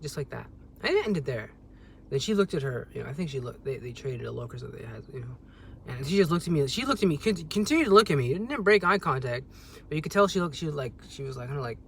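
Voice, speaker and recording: A young man telling a story on a vlog as a rambling, agitated rant, with sudden loud jumps in pitch. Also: very animated, fast talker, gravelly, a little hiss or hum. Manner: rambling, with many restarts. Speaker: vlogger.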